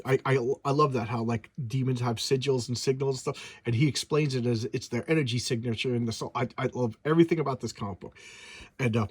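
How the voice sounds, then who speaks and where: A man's voice: mid-range voice, quick pace, husky, no echo. A man recapping a comic book in a casual, enthusiastic, rambling way, with many restarts.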